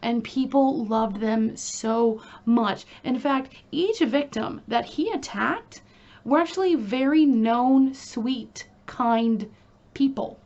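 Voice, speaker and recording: A woman's voice: on the high side, slow, a little mellow, dull audio. A woman hosting a casual true crime video, talking in a chatty, emphatic way with frequent fillers and asides.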